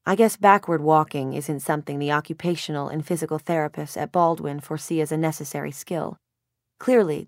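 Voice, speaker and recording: Thirties woman narrator, wry and emotional first-person reading, low pitch, dry close mic. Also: no room sound. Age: 30s. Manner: wry, self-mocking, emotional. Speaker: audiobook narrator.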